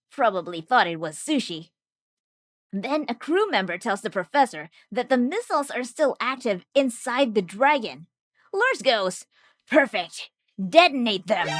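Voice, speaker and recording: A woman's voice: fairly high pitch, no room sound. A woman narrating a scripted anime recap with jokey, wisecracking asides.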